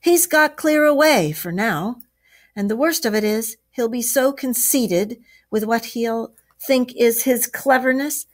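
A woman's voice: a little high, a little slow, pitched above the performer's own voice. A woman reading aloud and voicing a stern male badger who scolds hotly. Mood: indignant. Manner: hot, scolding. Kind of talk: storybook read-aloud.

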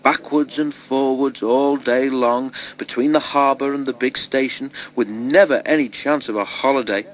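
A man's voice: medium pitch, steady tone, moderate pace, few pauses, close to an everyday voice. A man reading a storybook, voicing an old, anxious little tram engine who talks wistfully.

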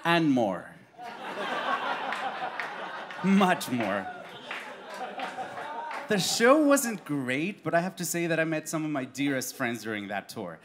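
A man performing autobiographical cabaret storytelling on a live stage, animated and laughing through his lines. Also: fairly high pitch, takes it slowly, long pauses, noisy background.

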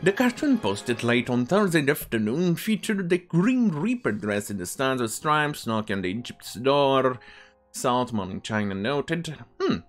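A man's voice: mid-range voice, big pitch swings, a little slow, faint music behind. A man hosting a ranting commentary show, reading news aloud and breaking off into profane, scornful asides. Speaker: commentary channel host.

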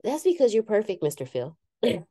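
Frank, warm-voiced woman speaker. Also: medium pitch, sing-song, fairly quick, no room sound, clean studio sound. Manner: frank and self-deprecating, acts out quoted voices. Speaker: speaker addressing a live group. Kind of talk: candid motivational talk.

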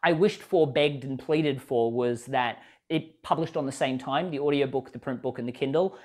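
A man's voice: medium pitch, normal speed, a little mellow. Chatty man with an Australian accent. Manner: chatty, many restarts and "you know". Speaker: podcast guest, author. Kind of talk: casual interview talk.

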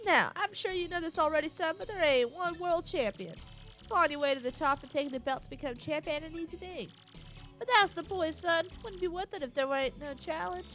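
A woman's voice: very high-pitched, brisk, a bit bright, faint music behind, voice pushed up. A woman voicing a folksy, boastful older male fight promoter with a drawl, reading game dialogue aloud. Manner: folksy drawl, calls everyone son.

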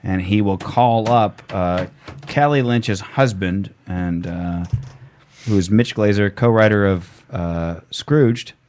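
A man's voice: fairly low pitch, slow pace, a little mellow. A man hosting a casual podcast chat, rambling and profane, trailing off with fillers. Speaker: podcast host.

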